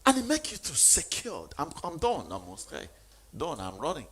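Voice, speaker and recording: A man's voice: medium pitch, huge pitch swings, normal speed, fairly bright tone. A man giving a motivational sermon, speaking emphatically and questioning the audience.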